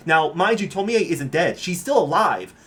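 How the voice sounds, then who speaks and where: A man's voice: on the high side, sing-song, normal speed, a bit bright. A man casually recapping a horror manga in laid-back, slangy speech that is full of fillers and the odd swear word.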